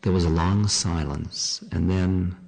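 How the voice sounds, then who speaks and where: Low-voiced male teacher, relaxed, conversational spiritual talk. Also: measured pace, big-room sound, slight background noise. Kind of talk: casual spiritual talk with readings.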